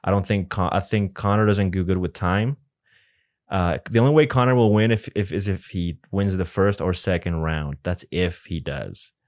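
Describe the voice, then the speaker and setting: A man's voice: deep voice, moderate pace, a little mellow, no room sound, clean studio sound. A man co-hosting a casual podcast, laid-back and teasing dryly, sharing his predictions. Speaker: podcast co-host. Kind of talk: casual chat.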